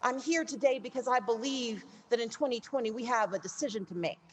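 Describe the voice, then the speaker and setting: A woman with a somewhat high voice gives a rousing political speech to union workers. She tells a parable story and builds toward emphatic, repeated lines as she talks. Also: a little fast, slight background noise. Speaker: speaker at a labor union gathering.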